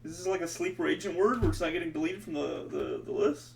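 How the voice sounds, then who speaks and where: A man's voice: fairly high pitch, fast talker, creaky. A man thinking aloud while coding, muttering to himself, exasperated and swearing casually. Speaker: streamer coding on camera. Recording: distant mic with faint background noise.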